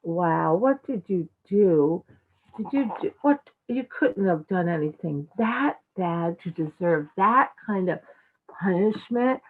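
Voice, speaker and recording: A woman playing a gentle, incredulous cowherd father. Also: on the low side, lively intonation, slow pace, heavily acted. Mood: concerned. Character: astonished fatherly cowherd chief. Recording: tinny phone-like call audio.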